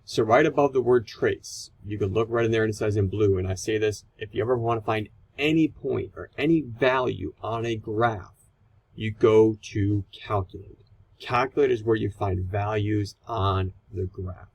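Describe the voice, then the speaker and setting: A man's voice: on the low side, normal speed, vocal fry, slightly rough, rough recording. A man teaching a recorded math lesson, explaining calculator steps in a casual, conversational way.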